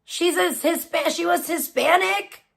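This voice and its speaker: A woman's voice: very high voice, a little slow, creaky, fairly bright tone. A woman hosting a casual livestream, chatting with viewers in a blunt, profane, heated way. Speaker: livestream host. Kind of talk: casual live-stream chat with viewers.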